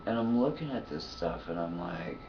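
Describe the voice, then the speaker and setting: A man's voice: deep voice, lively intonation, normal speed, far from the mic, dull audio, background noise. Sleepy, profane man rambling on a vlog. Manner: profane, sleepy, yawning, laughs often. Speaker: vlogger. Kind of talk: casual rambling monologue.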